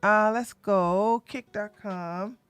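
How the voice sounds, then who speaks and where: A woman streaming live, chatting casually to her viewers in a soft, unhurried voice. She talks slowly, with a middle-pitched tone. The sound is dry and close to the mic. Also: smooth, dry recording, faint music behind. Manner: soft, unhurried talk, a break from her usual yelling. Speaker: livestreamer. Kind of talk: casual livestream chat.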